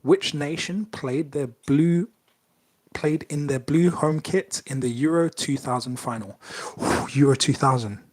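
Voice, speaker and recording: A man's voice: a little high, measured pace, darkish tone. Playful man hosting a casual quiz. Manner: playful, chatty, reads quiz questions. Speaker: podcast co-host, quizmaster. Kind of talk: casual chat.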